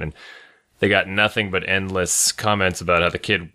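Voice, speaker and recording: A man's voice: sits low, little pitch movement, normal speed, a bit bright, clear, resonant tone. A man co-hosting a podcast, making dry joking asides in a casual chat. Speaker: podcast co-host.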